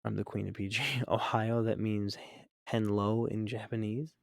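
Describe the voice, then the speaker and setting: A man's voice: lowish voice, level tone, moderate pace, vocal fry, no room sound. A man painting on a live stream, chatting casually and reacting to chat in an upbeat, rambling way.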